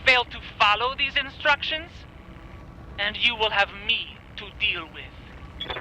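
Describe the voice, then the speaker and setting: A woman's voice: mid-range voice, animated, slow pace, pushed and bright, slight background noise, full character voice, poor audio. A woman voicing an imperious young noblewoman in a video game, giving commands to her troops in a Spanish accent. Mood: commanding.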